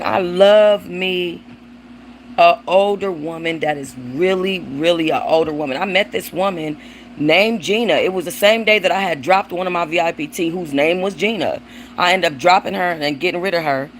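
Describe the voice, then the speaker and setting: A woman's voice: on the low side, normal speed, a little hiss or hum, rough recording. A woman hosting a livestream, giving blunt, profane commentary on viewer comments and talking aside to her dog. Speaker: livestream host.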